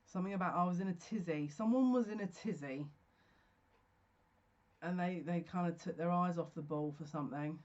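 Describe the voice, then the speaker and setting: Slow, searching psychic reader. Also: mid-range voice, darkish tone, dull audio. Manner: slow, searching, stop-start channeling talk. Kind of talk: solo general reading to camera.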